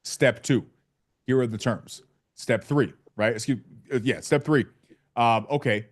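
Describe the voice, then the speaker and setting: Man, sales coach, live training, emphatic, playful, acts out calls, mid-pitched voice. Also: lively intonation, moderate pace, darkish tone. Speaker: real estate sales coach.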